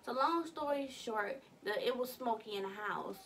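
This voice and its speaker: A young woman vlogging from her bedroom, telling a story in an animated, slangy way with some cussing. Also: on the high side, moderate pace, distant mic, a little hiss or hum. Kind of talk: casual storytime vlog.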